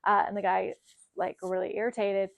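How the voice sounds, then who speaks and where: A young adult woman telling a travel story casually, animated and swearing, with many fillers. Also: medium pitch, normal speed, vocal fry, lo-fi sound.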